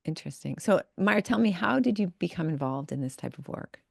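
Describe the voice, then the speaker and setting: A woman's voice: on the low side, animated, quick pace, gravelly, dry recording, clean studio sound. A woman hosting a podcast, agreeing and thinking aloud with her guest. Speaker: podcast host. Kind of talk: casual interview.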